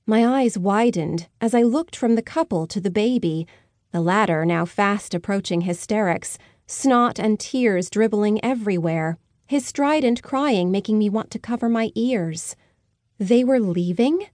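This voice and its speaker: A woman's voice: medium pitch, unhurried, a little mellow, no room sound, clean studio sound. A woman narrating a story in the first person, with wry, sardonic inner commentary. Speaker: audiobook narrator.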